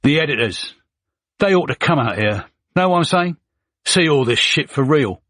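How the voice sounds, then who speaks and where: A man voicing a gruff, blunt male tank soldier with a Cockney accent, joking and swearing. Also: on the high side, animated, moderate pace, a bit bright, dry recording, clean studio sound, voice pushed up. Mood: gruff banter.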